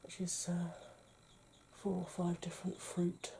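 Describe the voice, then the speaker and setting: A woman talks through her makeup tutorial in a lowish, mellow voice. She chats casually and often slips into a whisper while she blends. A faint hiss sits under the recording. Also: monotone, a little slow, creaky. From United Kingdom. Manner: chatty, often drops to a whisper while working. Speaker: makeup vlogger.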